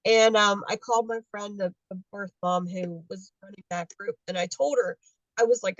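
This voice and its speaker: A woman in her fifties with a mid-range voice speaks at a moderate pace, casually telling her story as a guest adoptee on a video call. She's animated, acting out the dialogue of people she met in quotes, and the recording is dry and lo-fi.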